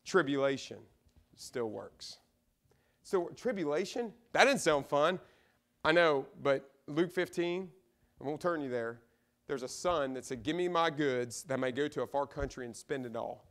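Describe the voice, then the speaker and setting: High-voiced Midwestern pastor preaching with passion. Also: male voice, lively intonation, moderate pace. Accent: Midwestern American. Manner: impassioned, swings between loud emphatic repeats and hushed asides. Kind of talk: sermon. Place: church sanctuary.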